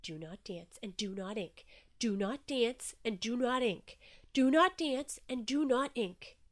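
A woman's voice: a little high, measured pace, natural voice. Woman voicing a fretful little octopus. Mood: anxious. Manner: fretful, repeating himself. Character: anxious young male octopus. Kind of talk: storybook reading.

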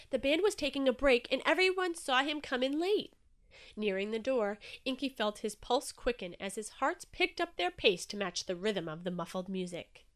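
A woman narrating a children's storybook with a gentle, expressive reading. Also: a little high.

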